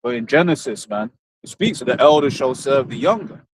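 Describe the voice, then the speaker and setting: A British man in a casual discussion, talking in a halting way and repeating words. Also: mid-range voice, expressive, background noise. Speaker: podcast co-host.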